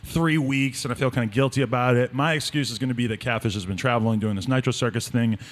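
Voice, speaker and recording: A man's voice: medium pitch, fairly even intonation, fast talker. A man hosting a podcast, chatting casually and asking eager follow-up questions. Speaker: podcast host. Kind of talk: casual interview chat.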